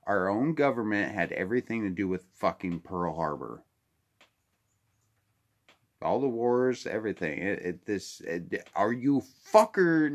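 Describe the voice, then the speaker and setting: A man's voice: sits low, a bit bright. Angry, profane older man ranting. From Alaska. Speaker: vlogger. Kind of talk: angry political rant.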